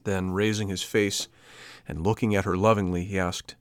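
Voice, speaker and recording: A man narrating a children's classic in a measured, even storytelling manner. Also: low-pitched, clear, resonant tone, no room sound. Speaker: audiobook narrator. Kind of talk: scripted narration.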